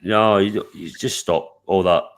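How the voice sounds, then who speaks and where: A man hosting a casual live stream, blunt and animated, swearing constantly while telling stories. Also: low voice, unhurried. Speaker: show host.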